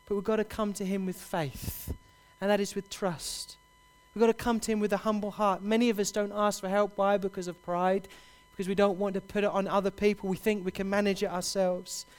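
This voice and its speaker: A man preaching a sermon, building to loud, impassioned repeated cries. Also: high voice, clean tone.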